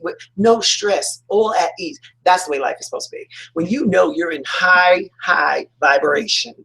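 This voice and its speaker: A man giving a casual, enthusiastic motivational talk, rambling and acting out excited quotes. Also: fairly high pitch, vocal fry, breathy edge, rough recording.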